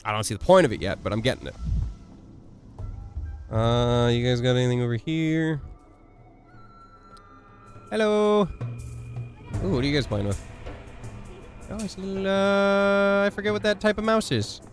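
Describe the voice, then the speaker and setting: A man streaming a game live, chatting and commenting in an excitable, jokey way. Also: fairly high pitch, moderate pace, pauses often, faint music behind. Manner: excitable, jokey, laughs often.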